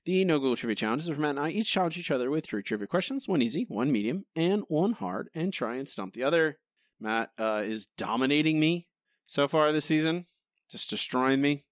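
A man's voice: a little high, expressive, fairly quick, no echo, studio quality. A man co-hosting a casual podcast chat and trivia quiz, self-deprecating and stumbling into restarts. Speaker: podcast co-host.

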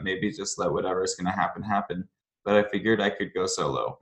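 A man's voice: sits low, a bit bright. A man hosting a podcast, reading a listener's scary story aloud in a casual way and breaking off to comment and laugh. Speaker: podcast host. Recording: roomy echo.

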